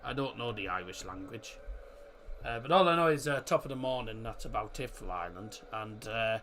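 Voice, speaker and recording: A man's voice: lowish voice, lively intonation, normal speed, bright, forceful tone. A man hosting a live football watchalong, chatting casually, answering viewers' chat and talking through the match, with the odd swear word.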